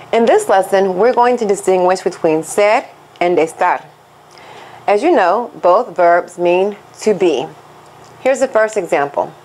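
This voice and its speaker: A woman teaching a scripted Spanish lesson, speaking slowly and deliberately as she switches between English and Spanish. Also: fairly low pitch, a little mellow, rough recording.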